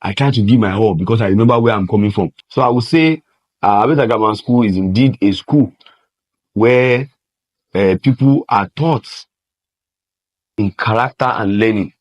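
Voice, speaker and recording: A man's voice: lowish voice, normal speed, no room sound. Earnest man, dull lo-fi recording. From Nigeria. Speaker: university lecturer. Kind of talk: interview testimony. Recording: dull lo-fi sound.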